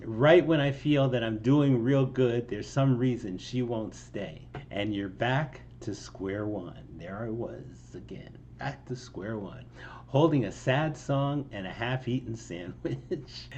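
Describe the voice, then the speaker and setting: A man of middle pitch talks loosely through his own song lyrics, full of ums, repeats and self-mocking asides. The sound is a bit dull, with a faint hiss of noise behind him. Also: slow pace, a little mellow. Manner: rambling and self-deprecating, with many ums and restarts, laughing now and then. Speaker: songwriter explaining his song. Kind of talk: casual line-by-line song breakdown.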